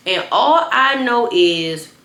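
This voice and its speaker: A woman tells her viewers a storytime in a loose, rambling way, repeating words as she goes. Her voice is bright and clear, and the room around her echoes. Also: on the high side, slow. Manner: rambling, animated, repeats herself, addresses viewers as y'all. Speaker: storyteller vlogger. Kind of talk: casual storytime.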